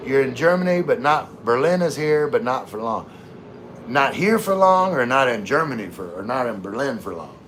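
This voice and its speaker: A man's voice: lowish voice, a little hiss or hum. A man hosting a casual live stream, reading viewer comments aloud in an easygoing way with frequent laughs. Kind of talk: casual livestream chat.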